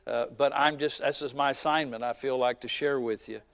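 A man in his fifties, a pastor preaching a sermon who tells a personal story with joking asides and swings between loud and soft. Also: medium pitch, fairly even intonation, a little fast.

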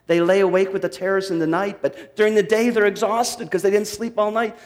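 A man preaching a sermon, reading a psalm dramatically and swinging from loud to hushed. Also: sits high, fairly even intonation, a little fast, long reverb tail. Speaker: pastor.

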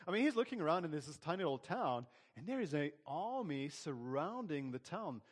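A man's voice: fairly high pitch, very animated, a little fast, hardly any pauses. A man preaching a sermon in an earnest, conversational way, often restarting his words. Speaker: pastor. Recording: long hall reverb.

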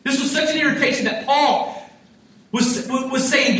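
A man's voice: very high-pitched, measured pace, fairly bright tone. An American man preaching a sermon, impassioned, acting out prayers and God's reply. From United States. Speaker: pastor. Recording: echoey hall, mic from a distance.

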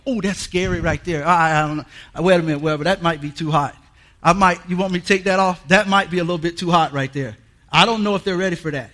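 High-voiced, emphatic male preacher. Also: fast talker. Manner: emphatic, repetitive, rising to shouts; folksy, colloquial. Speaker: guest preacher. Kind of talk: sermon.

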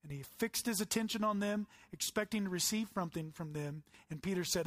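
A man's voice: a little high, steady tone, fast, few pauses, no echo. A man, a pastor preaching a sermon with earnest, emphatic stresses that climb on key words.

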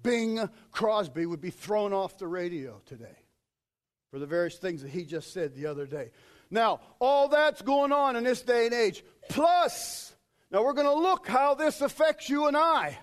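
A man preaching a sermon as pastor, swinging from shouted quotes to quiet asides. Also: high-pitched, lively intonation, measured pace.

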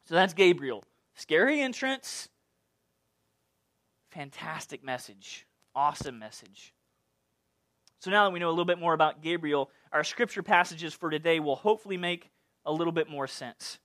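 A man preaching a sermon in a playful, animated way, full of jokes and asides. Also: a little high, moderate pace, pauses often. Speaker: pastor.

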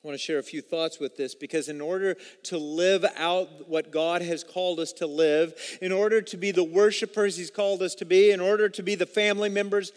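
A male pastor preaching a sermon with energetic delivery and swings from loud to quiet. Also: sits high, brisk, hardly any pauses. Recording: long reverb of a large hall.

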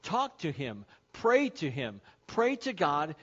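A pastor with a notably high voice preaches a sermon, driving his points home by repeating key phrases and slowing right down on the words he wants to land. The recording sounds dull and muffled, like lo-fi sermon audio. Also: huge pitch swings, slightly rough. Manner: emphatic, repeats key phrases, slows for stress.

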